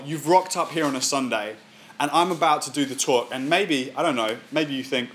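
A man preaching an animated sermon in a church. His voice sits at an ordinary middle pitch and he lets scripture lines drag out slowly before acting out quotes. There is a faint hiss of noise behind him. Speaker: pastor.

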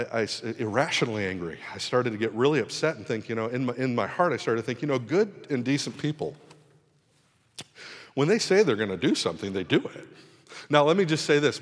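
Pastor preaching in a reverberant hall. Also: male voice, mid-range voice. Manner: storytelling, self-deprecating, animated when retelling. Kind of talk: sermon. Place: church hall.

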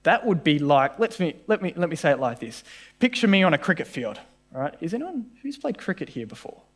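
A man preaching a sermon in church, animated and often acting out the voices in his stories. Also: fairly high pitch, a little fast. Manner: animated, acts out voices in quoted dialogue. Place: church service with congregation.

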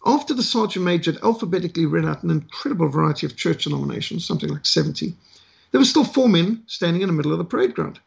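A middle-aged South African man telling a story from his past, unhurried and pausing often with "uh". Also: a little high, animated, gravelly, husky. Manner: unhurried with frequent "uh" pauses. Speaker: ministry speaker. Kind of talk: storytelling testimony.

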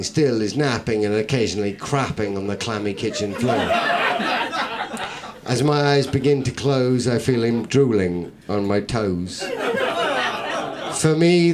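Man, comedian, performance poet, comic verse, theatrical, rhythmic, wry, average pitch. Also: very noisy. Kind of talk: comic verse recitation to a live audience.

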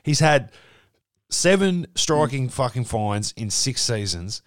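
A man's voice: mid-range voice, expressive, slow pace, dry recording, clean studio sound. A man with an Australian accent co-hosting a casual sports podcast, blunt and sweary. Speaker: podcast co-host.

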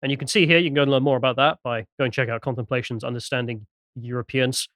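A man co-hosting a political podcast, presenting a news item in a quick, sardonic way and reading out posts with asides. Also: medium pitch, steady tone, a bit bright, no room sound, clean studio sound. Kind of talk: casual political podcast chat.

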